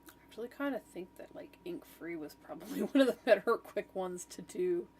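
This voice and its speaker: A woman's voice: lowish voice, lively intonation, a little fast, a little mellow, a little hiss or hum. A woman chatting casually while she makes art, thinking aloud with trailing fillers and self-talk. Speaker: art streamer. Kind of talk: rambling casual chat while designing.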